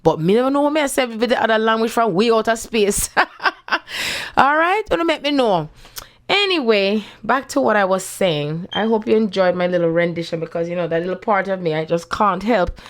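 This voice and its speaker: A woman's voice: medium pitch, expressive, brisk. A woman from Jamaica with a Jamaican accent, giving a casual spiritual talk and playfully switching between patois and standard English. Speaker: spiritual speaker.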